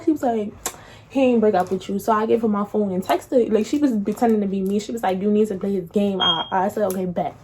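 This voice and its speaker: A young woman tells a breakup story in casual slang, laughing often and acting out quotes in a higher voice. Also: warm tone, slight background noise. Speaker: vlogger.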